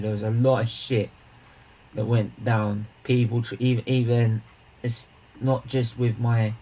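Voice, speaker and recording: A man hosting a casual charity livestream, rambling and repeating himself, with bursts of excited emphasis. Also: mid-range voice, rough recording.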